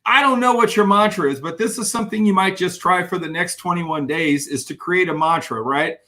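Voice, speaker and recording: Bright, high-voiced energetic motivational speaker man. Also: fairly quick. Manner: energetic, greets viewers by name while reading comments. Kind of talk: live-streamed motivational talk.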